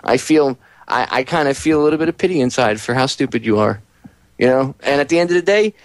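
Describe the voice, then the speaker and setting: A man's voice: medium pitch, animated, fast, no echo. A man hosting a talk radio show, speaking casually and animatedly, often mocking people in put-on voices.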